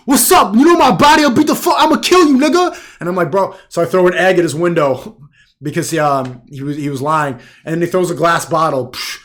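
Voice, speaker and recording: A man with a fairly high voice rambles through a live stream monologue, leaning hard on filler words. His talk runs loose and unpolished, jumping between thoughts. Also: fairly bright tone.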